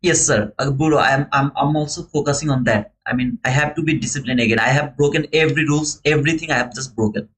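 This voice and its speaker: A man's voice: fairly high pitch, steady tone, fast, hardly any pauses, fairly bright tone, poor audio. Chatty man with a non-native English accent. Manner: chatty and earnest, greets viewers as brother. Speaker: live-stream futures trader and host. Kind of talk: casual live trading commentary.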